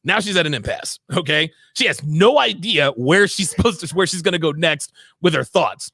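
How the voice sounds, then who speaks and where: Sarcastic high-pitched male streamer. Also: animated, normal speed, pushed and bright, breathy edge, no room sound. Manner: sarcastic, repeats himself, laughs often; mimics the woman in a low mumbling voice. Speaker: commentary streamer reacting to a clip. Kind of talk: mocking reaction commentary.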